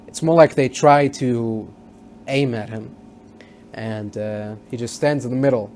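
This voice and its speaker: A man's voice: medium pitch, measured pace, darkish tone, a little hiss or hum. A man casually recapping a TV episode as a reviewer, rambling with many fillers and restarts. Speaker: TV show reviewer.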